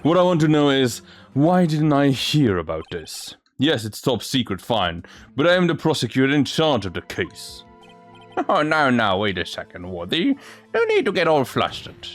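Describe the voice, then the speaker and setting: A man's voice: medium pitch, wildly swooping pitch, normal speed. A man reading a courtroom game aloud and doing every character's voice himself, sometimes stumbling over words. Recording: faint music behind.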